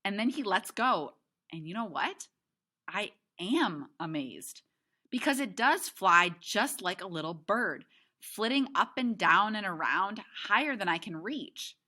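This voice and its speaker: A woman teacher reading a novel aloud to her class, expressive, with chatty asides to the students. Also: medium pitch, unhurried.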